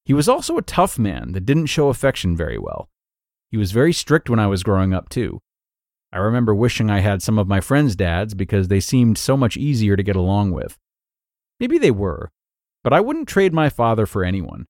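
A man hosting a podcast who reads a blog post aloud in an earnest, measured way, then comments on it. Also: on the low side, wildly swooping pitch, a little mellow, no echo, studio quality. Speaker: podcast host.

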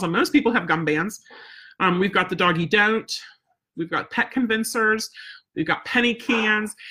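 A woman's voice: mid-range voice, bright, forceful tone. A woman dog trainer teaching casually on a live stream, chatty and plain-spoken, often checking in with "right?". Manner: chatty, tags points with "right?" and "okay?"; plain-spoken, firm about follow-through.

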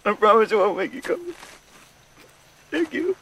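A man's voice: high voice, big pitch swings, unhurried, a bit bright, distant mic, a little hiss or hum, full character voice, low-quality recording. An actor playing a frightened, grateful man who begs for his life in pleading, breathless film dialogue.

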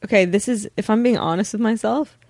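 A woman chats as a guest on a podcast. She talks in a playful, rambling way and giggles often. Her pitch is ordinary, and the sound is dry and close to the mic. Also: brisk, darkish tone, no room sound. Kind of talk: casual chat.

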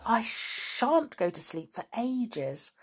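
A woman's voice: a little high, very animated, takes it slowly, slightly rough, voice pushed up, heavily acted. A woman voicing a stubborn, independent tomboy who talks bluntly.

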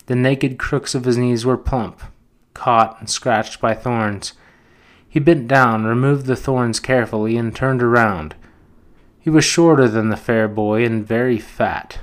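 A man, a podcast host, reading a novel aloud in a steady, measured narration. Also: medium pitch. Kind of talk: audiobook narration.

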